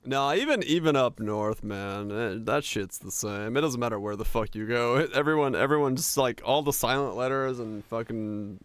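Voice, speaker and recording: A young man from Finland whose first language is Finnish, chatting casually with his stream chat, swearing freely and telling animated stories with frequent laughs. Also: mid-range voice, normal speed, hardly any pauses, clear, resonant tone, no room sound. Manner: profane, animated storytelling, laughs often.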